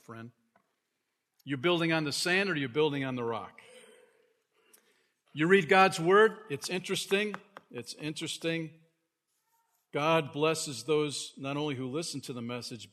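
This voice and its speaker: A pastor preaching a sermon, moving between quiet asides and loud, fervent scripture reading. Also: male voice, fairly high pitch. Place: church sanctuary.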